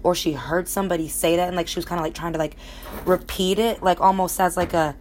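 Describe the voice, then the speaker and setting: A woman's voice: fairly low pitch, fairly even intonation, fast, slight background noise. A young woman from Connecticut telling a personal story in a casual, rambling way, candid and emotional, swearing freely. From Connecticut, USA. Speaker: vlogger.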